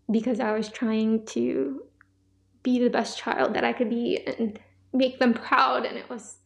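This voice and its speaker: A young woman hosting a podcast, sharing a personal faith testimony in a soft, halting, emotional way with many pauses. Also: on the high side, creaky. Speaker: podcast host. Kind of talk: personal testimony, casual talk.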